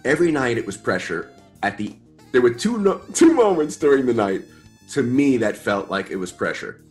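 A man in his fifties from New York, telling stories as a guest in a casual interview, relaxed and chatty with slang and mild swearing. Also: medium pitch, moderate pace, soft background music. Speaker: guest musician.

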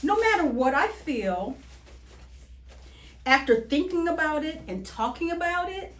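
Lively woman reading a storybook. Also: high-pitched, measured pace, pauses often. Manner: expressive, sing-song storybook reading. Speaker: children's story reader. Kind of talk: reading a picture book aloud to children. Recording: echoey room.

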